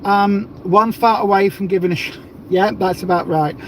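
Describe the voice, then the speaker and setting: High-voiced chatty man hosting a livestream. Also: fairly even intonation, moderate pace, a bit bright, a little hiss or hum. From south of England. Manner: chatty, rambling, jokey. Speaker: livestream host. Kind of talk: casual livestream chat.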